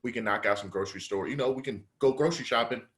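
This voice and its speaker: A young man spins a story on a casual podcast, talking loose and full of slang. He jumps into other people's lines as he goes, and his voice sits at an ordinary middle pitch. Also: rapid-fire. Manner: animated storyteller, acts out dialogue, heavy slang. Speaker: podcast co-host.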